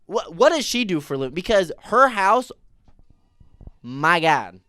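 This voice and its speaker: A man's voice: high voice, sing-song, a little slow, pushed and bright, no room sound, studio quality. A man giving a casual, opinionated TV recap, ranting in a profane, exasperated way. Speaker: TV recap vlogger.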